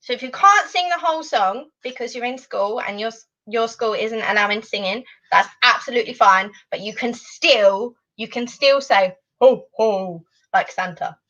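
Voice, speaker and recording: A woman leading an online Spanish lesson for children, animated and encouraging. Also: a little high, normal speed, few pauses, lo-fi sound. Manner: animated, encouraging, sing-song teacher voice.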